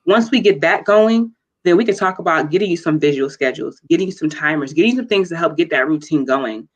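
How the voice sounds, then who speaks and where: A woman's voice: fairly low pitch, expressive, fast talker, rough recording. A woman guest sharing a heartfelt personal testimony as a mother, speaking in an earnest way. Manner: earnest, heartfelt, warm storytelling. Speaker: guest, mother of children with special needs. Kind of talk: personal testimony in a talk show interview.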